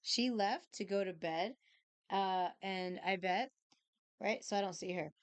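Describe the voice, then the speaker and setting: A woman's voice: mid-range voice, a little slow, dry recording. Woman streamer, playful giggly chatter, mid voice, dry recording. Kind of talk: casual chat.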